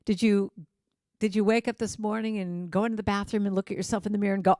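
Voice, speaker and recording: A middle-aged woman speaking to a spiritual congregation in a relaxed, conversational way. She is lively and keeps slipping into sung lines and acted-out quotes. Her voice sits at an ordinary pitch, and the sound is dry and close. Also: fast, no echo. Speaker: guest musician and speaker. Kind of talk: casual spiritual talk.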